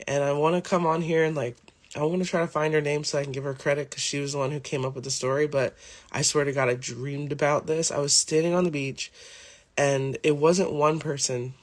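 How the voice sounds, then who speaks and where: A man hosting a casual vlog, rambling with lots of fillers after just waking up. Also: on the high side. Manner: rambling, heavy use of "like" and "um". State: just woken up. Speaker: vlog host.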